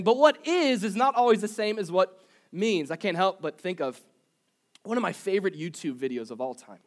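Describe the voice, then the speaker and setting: A man preaching a sermon as pastor, conversational, with humorous asides and rhetorical questions. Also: high-pitched. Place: church service.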